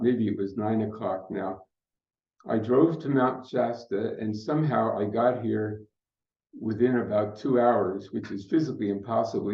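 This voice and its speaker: Gravelly older man telling a story. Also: fairly low pitch. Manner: unhurried, reflective storytelling with fillers. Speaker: conference speaker. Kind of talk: storytelling talk. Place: conference hall. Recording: muffled roomy hall recording.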